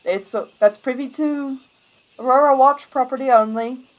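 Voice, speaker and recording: A woman's voice: sits high, moderate pace, highs cut off, a little hiss or hum, voice pushed up, natural voice. A woman game master voicing a curt gate guard soldier who warns travellers off. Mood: stern. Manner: curt, warning.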